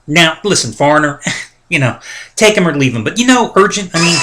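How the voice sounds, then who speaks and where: A man's voice: on the high side, very animated, fairly quick, over loud music. A man hosting a sports betting site's daily talk, ranting casually and with strong opinions. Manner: chatty, opinionated ranting with asides. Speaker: sports betting site host. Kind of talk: casual monologue.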